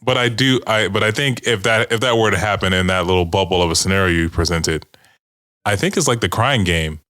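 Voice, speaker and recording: Lower-voiced wry podcast man. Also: a little fast, pushed and bright, no room sound, clean studio sound. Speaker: podcast co-host. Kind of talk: casual chat.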